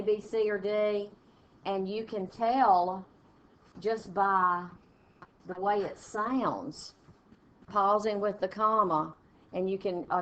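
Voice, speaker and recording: A woman English teacher, walking a class through test punctuation questions step by step and reading example sentences aloud with pauses. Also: medium pitch, a bit bright. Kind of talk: classroom test-prep lesson. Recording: dull lo-fi classroom recording with faint noise.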